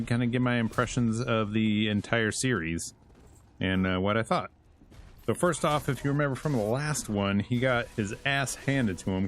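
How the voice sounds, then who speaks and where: A man hosting a casual comic book review, retelling the story in an animated way and chuckling as he goes. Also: fairly low pitch, slight background noise. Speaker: host.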